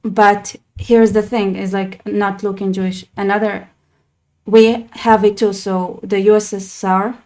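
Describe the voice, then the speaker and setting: Hosting a relaxed conversation, a young woman from Israel speaks at a measured pace in a mellow, medium-pitched voice with little pitch movement. She's chatty and loose, with lots of "like" fillers and restarts.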